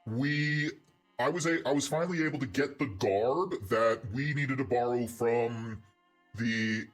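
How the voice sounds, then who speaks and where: A man's voice: medium pitch, slightly rough. A man chatting casually on a game stream, telling a rambling story full of restarts and self-corrections. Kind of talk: casual gaming stream chat.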